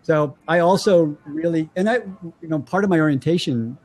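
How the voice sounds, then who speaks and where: A man's voice: fairly high pitch, moderate pace. A man as an interview guest, chatting casually and acting out the voices of people in his stories. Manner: animated storyteller acting out voices.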